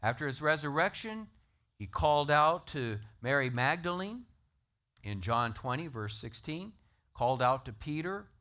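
Animated, bright-voiced male preacher. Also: on the high side, unhurried. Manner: animated, emphatic preaching with scripture references. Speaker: pastor. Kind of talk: sermon.

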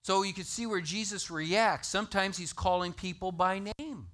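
A man preaching a sermon, emphatic and animated, citing scripture references to the congregation. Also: sits high, normal speed. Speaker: pastor.

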